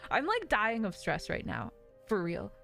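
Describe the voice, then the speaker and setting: A woman's voice: mid-range voice, huge pitch swings, unhurried, vocal fry, fairly bright tone, soft background music. A woman in her twenties, a streamer, talking in casual live-stream chat in an earnest, confiding way with many fillers.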